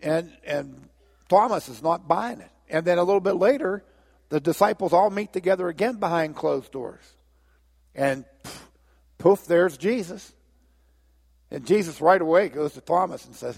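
A man delivers a storytelling sermon, slipping briefly into the voices of biblical figures. His voice sits a little high and carries a gravelly edge. A long reverb trails behind him, as in a large hall. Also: moderate pace. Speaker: preacher.

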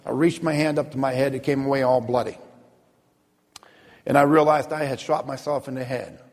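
A man, a minister, telling his personal testimony in an earnest, vivid storytelling manner, slowing down for emphasis. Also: medium pitch, fairly even intonation, big-room sound.

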